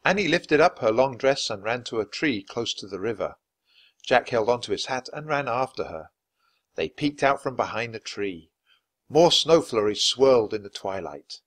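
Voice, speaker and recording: A man reading a children's storybook aloud for English learners in a clear, steady, measured way. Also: medium pitch. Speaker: storybook reader.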